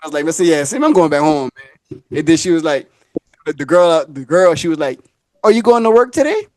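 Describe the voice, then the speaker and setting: With a brisk pace and a voice on the high side, this man hosts a podcast and shares a lengthy anecdote in casual chat. He's animated, imitates the voices of those he quotes, and laughs frequently, all captured in echo-free studio sound.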